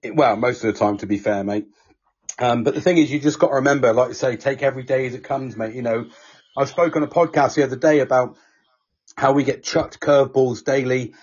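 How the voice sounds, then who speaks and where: A man's voice: medium pitch, steady tone, fairly quick, darkish tone, breathy edge. A man hosting a podcast, talking casually and giving reassuring advice, calling people mate. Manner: reassuring, calls everyone mate. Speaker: podcast host. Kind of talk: casual chat. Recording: dull lo-fi audio.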